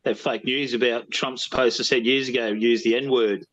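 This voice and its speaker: A man in a casual talk show, asking quick, worried questions. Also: mid-range voice, steady tone, fairly bright tone. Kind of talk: casual chat. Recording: dull lo-fi sound.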